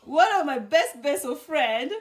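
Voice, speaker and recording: A woman from Africa hosting a live cooking stream, chatting warmly with viewers and greeting them by name as she cooks. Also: sits high, lively intonation, a little slow. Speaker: cooking livestream host.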